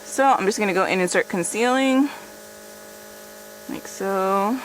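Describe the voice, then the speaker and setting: A woman's voice: mid-range voice, unhurried, slight background noise. A woman talking casually through a makeup tutorial on her channel, chatty, with frequent laughs and lots of "like" and "kinda". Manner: chatty, laughs often, filler words like "like" and "kinda". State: a bit out of breath. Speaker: makeup vlogger.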